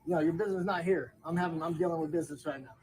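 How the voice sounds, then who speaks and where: A man's voice: fairly high pitch, racing, darkish tone, a little hiss or hum, rough recording. A father in a filmed confrontation, firm and repeating himself as he stands his ground.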